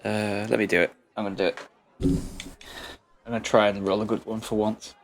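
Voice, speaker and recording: A man's voice: lowish voice, flat delivery, brisk, slight background noise. A man playing in a tabletop game, chatting with laughing asides. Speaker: player. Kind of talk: casual game talk.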